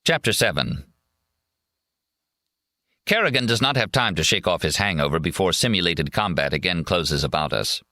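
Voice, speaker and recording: Male audiobook narrator, low and crisp, dry booth sound. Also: lively intonation, normal speed, pauses often, pushed and bright, no echo. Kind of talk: scripted narration.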